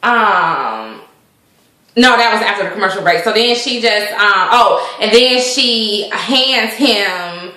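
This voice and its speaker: A woman's voice: mid-range voice, animated, slow pace, bright, forceful tone. A woman hosting a casual recap chat about a TV episode, talking with lots of fillers and frequent laughs. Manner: chatty, laughs often, uses many fillers. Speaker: vlog host reviewing a TV episode. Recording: echoey room.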